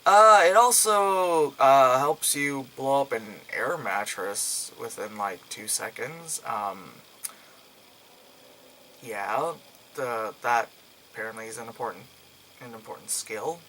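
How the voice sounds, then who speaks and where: Young male vlogger, bright tone, profane rambling reviewer, slips into quick character impressions. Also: lowish voice, slight background noise, rough recording. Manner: profane, rambling, acts out characters' lines in raised voices. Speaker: movie reviewer. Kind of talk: casual spoken movie review.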